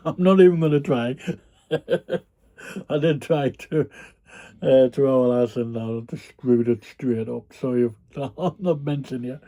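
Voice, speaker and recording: A reseller vlogger with a warm, medium-pitched voice talks casually to his viewers about items he resells. He tends to ramble, filling gaps with ums and letting out an occasional yawn.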